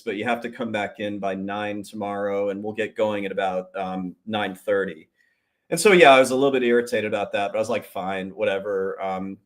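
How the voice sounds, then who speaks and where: A man hosting his own show, telling a long story in a casual, profane, animated way and acting out the people he quotes. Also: medium pitch. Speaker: podcast host.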